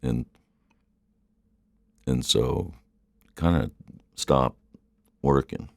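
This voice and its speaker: A middle-aged musician talks slowly in a deep, gravelly voice, rambling and laid-back with plenty of "you know." His accent is mixed and hard to place. Guitar is heard clearly behind him. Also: dry recording, clean studio sound. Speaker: musician guest. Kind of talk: casual interview chat.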